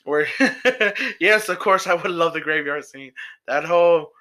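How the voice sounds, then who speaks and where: A man co-hosts a casual horror-movie podcast and keeps chiming in with jokes. His voice is bright and sits a little high. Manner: jokey, quick interjections. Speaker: podcast co-host.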